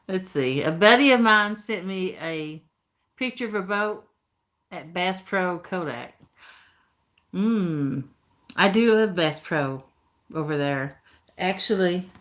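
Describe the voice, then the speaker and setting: Hosting a casual live stream from Tennessee, a woman with a broad Appalachian accent greets viewers and reads the chat, her pitch swinging up and down. She draws her words out slowly in down-home, folksy phrasing and laughs easily between comments.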